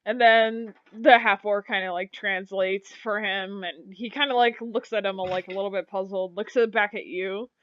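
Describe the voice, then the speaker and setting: A woman's voice: mid-range voice, fairly even intonation, moderate pace, few pauses, fairly bright tone, no room sound, dull audio. A woman running a tabletop game as game master, narrating casually with lots of fillers.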